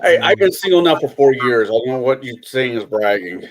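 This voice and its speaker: A man's voice: mid-range voice, expressive, a little fast. A man speaking earnestly and a little self-deprecatingly in a casual chat.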